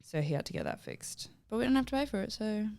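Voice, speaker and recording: A woman's voice: mid-range voice, wildly swooping pitch, quick pace, gravelly, a little mellow. A young woman, co-hosting a podcast and chatting casually, laughing often and saying "like" a lot. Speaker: podcast co-host. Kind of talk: casual chat. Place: podcast studio.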